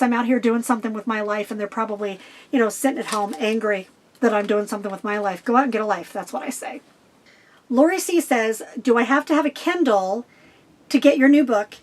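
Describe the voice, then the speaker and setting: Fast-talking woman RV vlogger. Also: fairly high pitch. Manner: fast, to-the-point talker who cuts out filler. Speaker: solo full-time RV vlogger answering viewer questions. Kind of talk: casual direct-to-camera Q&A.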